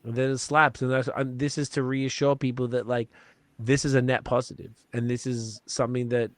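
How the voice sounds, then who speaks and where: A man's voice: mid-range voice, little pitch movement, brisk, dry recording. A man hosting a podcast, chatting casually and rambling with swearing and fillers. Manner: loose and profane, rambling with lots of fillers. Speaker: podcast host.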